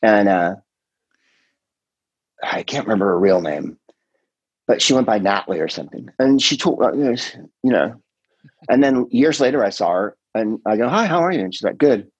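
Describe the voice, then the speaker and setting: A middle-aged man, a comedian and podcast host, chatting casually in a rambling, animated way, full of quoted voices and swearing. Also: fairly low pitch, normal speed, long pauses, husky, no echo, muffled recording. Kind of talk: casual chat.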